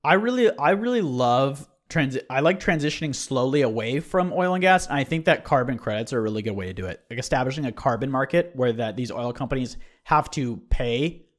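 A man co-hosting a podcast in a relaxed, rambling way, thinking out loud. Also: medium pitch, fairly quick. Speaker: podcast co-host. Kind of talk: casual podcast chat.

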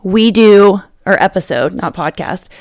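A woman's voice: medium pitch, a little mellow, no room sound. A woman in her thirties hosting a podcast, chatting casually and teasing her guest. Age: 30s. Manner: teasing, playful, quick to laugh. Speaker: podcast host. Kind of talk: casual chat.

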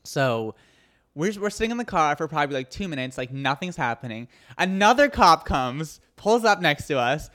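A man hosting a radio show, chatting casually at the studio mic. His voice sits a little high for a man. He tells a story in an animated way, laughing often and dropping plenty of fillers. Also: moderate pace.

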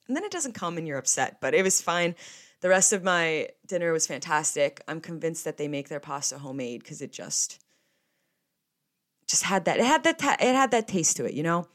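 A woman's voice: lowish voice, animated, fairly quick. A young woman, hosting a podcast in a rambling, casual chat full of swearing. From New Jersey. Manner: chatty and rambling, with frequent swearing. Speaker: podcast host.

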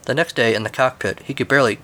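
A man's voice: medium pitch, rapid-fire, pushed and bright. A male podcast host reads a comic story with dry, offhand humor. His delivery is casual and wry.

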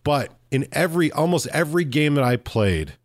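A man co-hosting a podcast, telling a game story in casual chat, animated and swearing freely. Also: a little high, moderate pace, no room sound, studio quality. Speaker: podcast co-host.

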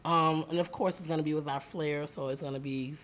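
Upbeat lady podcast host, a bit hoarse and rough today, lowish voice, chatty. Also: fairly even intonation, fairly quick, a bit bright, slight background noise. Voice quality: slightly rough voice. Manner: upbeat, chatty, calls listeners "y'all" and "guys". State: hoarse from allergies. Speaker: podcast host and life coach. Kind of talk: casual podcast chat. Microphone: studio mic.

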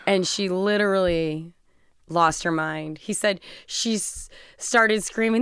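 Smooth low-voiced woman, animated storyteller. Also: measured pace, no room sound, clean studio sound. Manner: animated storyteller, swears freely, laughs often. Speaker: guest. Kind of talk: casual chat.

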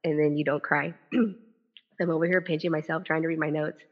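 A woman tells a personal story from the podium at a public event, acting out quoted dialogue as she goes. Her talk is lively and full of quick restarts. The recording sounds dull and lo-fi. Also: deep voice. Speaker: author and former legislator giving a talk. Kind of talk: personal storytelling speech to a live audience.

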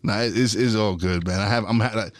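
A man's voice: lowish voice, brisk, no echo. A man hosting his own podcast, talking in casual chat, swearing freely and restarting his words as he gets fired up. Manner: profane, animated, repeats and restarts words. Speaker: podcast and radio host.

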